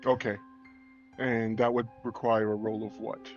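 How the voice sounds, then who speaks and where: A man's voice: fairly low pitch, flat delivery, a little slow, faint music behind. Male player on a dull mic. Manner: methodical, lists abilities with fillers. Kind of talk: casual tabletop game play.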